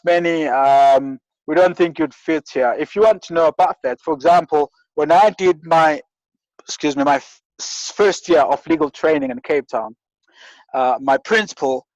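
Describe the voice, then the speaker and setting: A man's voice: fairly high pitch, no room sound, lo-fi sound. A South African man from rural KwaZulu-Natal, a guest telling stories in an interview, earnest and often restarting his sentences. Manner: earnest, many restarts and repeated words. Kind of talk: reflective interview storytelling.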